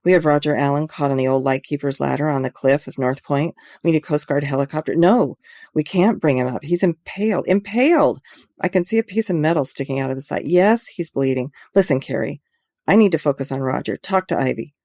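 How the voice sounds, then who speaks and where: Commanding man, curt, urgent, gravelly, read by a woman, dry recording. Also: low-pitched, mellow, no echo. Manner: brisk, curt orders.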